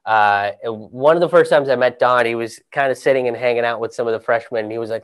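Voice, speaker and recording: A man's voice: mid-range voice, fast, few pauses, smooth. A man telling a comic personal story, rambling and profane, often laughing through his own lines.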